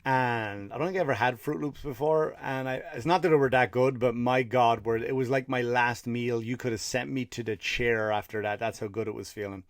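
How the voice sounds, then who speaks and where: A man's voice: mid-range voice, steady tone, fairly quick, hardly any pauses, no room sound. An Irish man who hosts a comedy podcast, telling a rambling story with profanity and fired-up rants. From Ireland. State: tired after running 50 miles (story).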